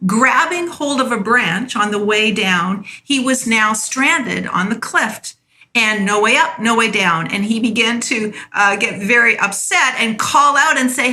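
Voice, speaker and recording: A woman's voice: a little high, animated, a little slow, pushed and bright. A woman from a church sharing a short spoken devotional, earnest and storytelling, with small restarts.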